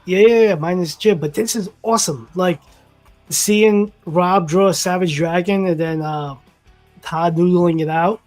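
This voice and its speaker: A man co-hosting a casual comics livestream, agreeing quickly and talking enthusiastically about covers. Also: sits high, a little mellow, soft background music. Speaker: co-host.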